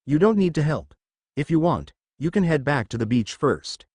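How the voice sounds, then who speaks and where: A man voicing a flustered young male ninja hero, gentle and reassuring, in a fan fiction audiobook. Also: on the high side, sing-song, normal speed, husky, no room sound, studio quality.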